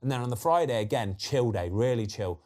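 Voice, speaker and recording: A man with a slight lisp hosting a football podcast, chatting in a lively way full of quick asides. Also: mid-range voice. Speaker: podcast host. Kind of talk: casual football chat.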